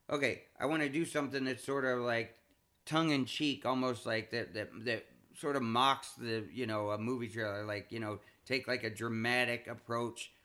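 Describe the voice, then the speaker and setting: A male comedian talks in a bright, forceful voice of middling pitch. He keeps restarting his sentences and repeating words, and his voice springs higher whenever he gets excited. The tone stays casual, like a podcast chat. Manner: animated, jumps in pitch when excited. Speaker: comedian and show creator.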